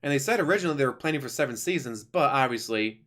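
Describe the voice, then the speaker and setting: A man giving a casual, rambling review of an animated series, enthusiastic, with lots of fillers and restarts. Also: medium pitch, rapid-fire. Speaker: YouTuber reviewing an animated show.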